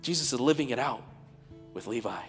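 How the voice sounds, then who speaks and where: A man preaching a sermon as guest speaker, swinging from hushed whispers to loud, fervent outbursts. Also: medium pitch, animated, a little fast, big-room sound, faint music behind.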